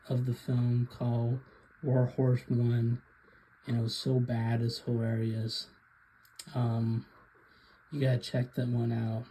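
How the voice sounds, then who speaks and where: A man's voice: medium pitch, dark tone, a little hiss or hum, poor audio. A man hosting his own video, giving a casual, rambling rant about films with frequent hesitations. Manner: rambling, hesitant, many ums. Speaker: video host.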